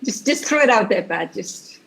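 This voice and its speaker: A woman's voice: medium pitch, expressive, moderate pace, a bit bright, poor audio. A woman hosting a podcast, chatty and a little hesitant as she puts questions to her guests. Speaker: podcast host. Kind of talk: casual podcast interview.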